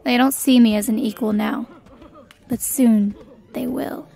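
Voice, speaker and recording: A woman's voice: a little high, fairly even intonation, unhurried, warm tone. A young woman narrating in the first person as a bitter, magicless female elf soldier in an audio drama, her inner monologue defiant.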